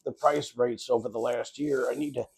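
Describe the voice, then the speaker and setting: Guest, male, easygoing chat, lots of "uh" and "you know", steady mid voice. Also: mid-range voice, moderate pace, creaky, slight background noise. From California. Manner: rambling, lots of fillers and restarts. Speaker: guest, cookie business owner. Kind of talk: casual interview chat.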